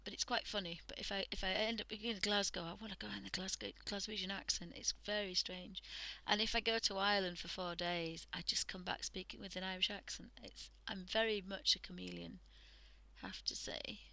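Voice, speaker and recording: A woman from the UK demonstrates drawing on a live art stream, speaking casually and softly, often half-whispering as she works and using lots of fillers. She talks briskly at a medium pitch with fairly even intonation, over poor audio.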